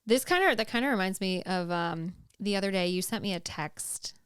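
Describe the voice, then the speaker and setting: A woman co-hosting a podcast, with a very smooth and crisp voice. She chats casually and reads listener notes aloud, laughing easily. The sound is dry and close to the mic. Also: mid-range voice, expressive, normal speed, a bit bright, no room sound. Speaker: podcast co-host. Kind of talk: casual chat reading listener comments.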